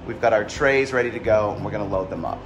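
A man presenting a casual family vlog from his home garage, energetic and promotional in tone. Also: fairly low pitch, fast talker, dull audio, noisy background. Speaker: family vlogger. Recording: background music under voice.

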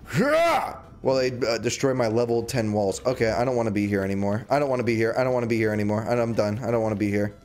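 A man's voice: on the low side, darkish tone. A man livestreaming a game in casual chatter, joking around, reading chat aloud and breaking into sudden squeals and yelps.

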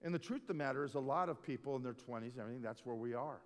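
A middle-aged man preaching as a lead pastor, telling stories with big swings from hushed to loud. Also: mid-range voice, rapid-fire. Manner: animated storytelling, swinging from quiet to loud. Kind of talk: sermon. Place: conference hall. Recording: long reverb of a large hall.

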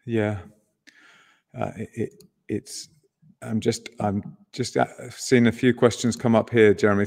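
A man hosting an online event and reading out audience questions, speaking in a hesitant, halting way over a video call. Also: on the low side, long reverb tail. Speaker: host. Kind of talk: moderating questions.

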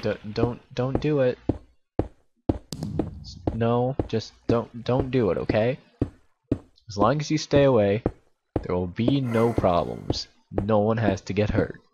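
A man giving casual, excitable and rambling commentary while playing a video game. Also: lowish voice, takes it slowly, long pauses, dull audio, background noise. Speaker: gaming YouTuber.

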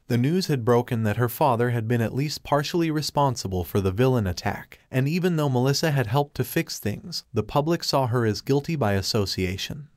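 A man reading a story aloud in an even, steady narrating voice. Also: medium pitch, no room sound, studio quality. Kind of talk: reading fan fiction aloud.

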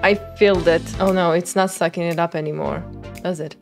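A young woman streamer giving excitable commentary on her game pulls, pleading and squealing as the results come in. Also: fairly low pitch, a little fast, gravelly, over music. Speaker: gaming content creator. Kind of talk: excited gacha-pull commentary.

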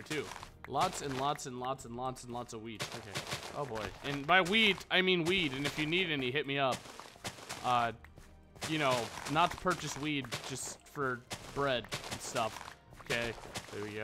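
Over background music, a young man casually narrates his Minecraft game for his YouTube channel, rambling and making crude jokes. His voice is a little high, pushed and bright, and the recording has slight hiss or hum.

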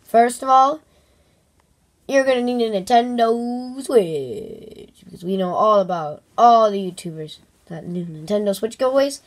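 A woman with a slightly high voice speaks slowly and playfully to the camera in a home video. She rambles along unhurried and slips into near-whispered asides. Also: expressive. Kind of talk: playful toy-play vlog.

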